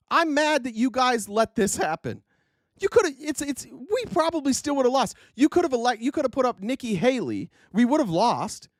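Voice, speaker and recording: Hosting a political live stream, a man with a notably high voice delivers a heated, sarcastic rant packed with swearing. He keeps breaking off and restarting sentences, and the sound is close and dry, with no room or echo.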